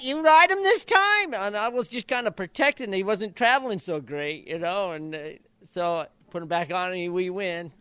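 An older man from Idaho, a retired jockey, telling stories in an interview and acting out quotes in high voices. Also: clean tone, no room sound. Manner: animated storyteller, acts out quotes in high voices. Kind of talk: storytelling interview.

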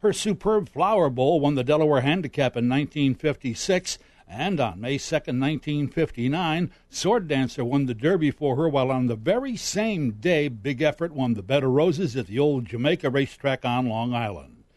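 A man's voice: mid-range voice, animated, moderate pace, a little mellow, dry recording. Stately male narrator, dry studio. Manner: formal, stately storytelling. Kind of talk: scripted narration.

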